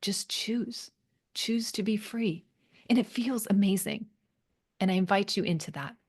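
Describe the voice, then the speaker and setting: A woman's voice: medium pitch, normal speed, darkish tone. A middle-aged woman speaking as a coach in a motivational monologue, earnest and encouraging, dwelling on repeated words. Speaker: alcohol coach and podcast host.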